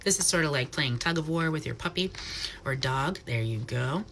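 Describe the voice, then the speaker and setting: A woman talks casually about wildlife on a live stream, dropping into soft coos for the bird on her glove. Her voice sits low. A faint hiss runs under the recording. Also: lively intonation, moderate pace. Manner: chatty, soft cooing asides to the owl. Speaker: wildlife educator. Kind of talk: live-streamed educational talk. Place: wildlife center room.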